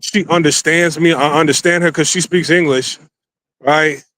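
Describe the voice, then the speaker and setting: A man's voice: fairly high pitch, fairly even intonation, normal speed, a bit bright. A man vlogging a casual, rambling story, crude and repetitive as he talks.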